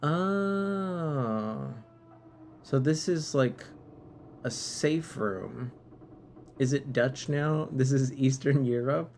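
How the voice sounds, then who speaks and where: A man's voice: medium pitch, lively intonation, drawn-out words, pauses often, a little mellow. A man streaming a game live, musing aloud and bantering playfully with viewers.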